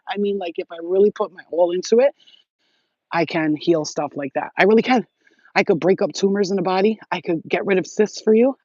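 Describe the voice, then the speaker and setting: A woman talking as a spiritual healer in a rambling, animated and profane livestream monologue. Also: medium pitch, no echo, lo-fi sound.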